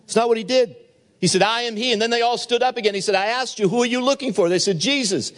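A man preaching a sermon at an evening chapel service, acting out the people in his stories with lively changes of voice. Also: very high voice, fast talker. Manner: expressive preaching, acts out dialogue. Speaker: pastor.

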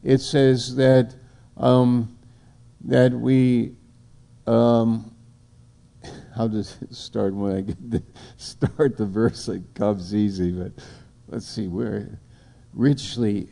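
A man's voice: fairly low pitch, fairly even intonation, very slow, gravelly, warm tone. A man preaching an informal sermon, rambling and conversational. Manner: rambling, conversational, acts out little dialogues.

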